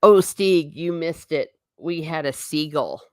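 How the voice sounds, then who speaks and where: A woman with a fairly low voice hosts a casual live stream and reads viewers' comments aloud. She talks in a loose, chatty way, laughs easily and trips over repeated words. The sound is dry and close. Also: measured pace, a little mellow, no echo. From not Irish. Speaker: livestream host.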